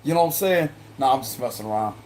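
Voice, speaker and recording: A man's voice: medium pitch, lively intonation, fast talker, darkish tone, a little hiss or hum. A man with a Cajun accent giving a casual, rambling tarot reading to viewers, repeating himself and chuckling in asides. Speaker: tarot reader.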